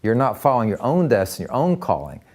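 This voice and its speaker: An older man telling personal stories in an interview, animated, acting out voices and often repeating words as he talks. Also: mid-range voice, fast. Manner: lively, acts out voices in anecdotes, repeats words. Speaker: interviewee, counselor.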